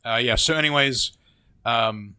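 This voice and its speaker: A man's voice: mid-range voice, unhurried, bright, forceful tone, clear, resonant tone. A man casually discussing a film on a podcast, hesitant and stumbling over his words. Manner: hesitant, many fillers and restarts, laughs. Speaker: podcast co-host.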